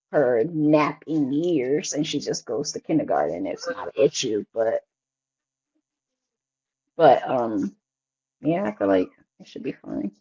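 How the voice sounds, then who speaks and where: A woman chats on a podcast with a lively, swooping voice. She tells her stories with lots of laughs and acts out what people said. The sound is dull and lo-fi. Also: deep voice, breathy edge. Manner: chatty storyteller, laughs often, acts out quotes. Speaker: podcast co-host, mother. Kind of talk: casual podcast chat. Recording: dull lo-fi recording.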